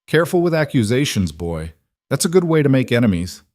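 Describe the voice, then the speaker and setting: A man voicing a big, menacing rancher villain with a rough, amused voice, in an audiobook western. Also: medium pitch, very animated, brisk, a little mellow, no room sound, clean studio sound, voice pushed up, close to an everyday voice. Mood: taunting.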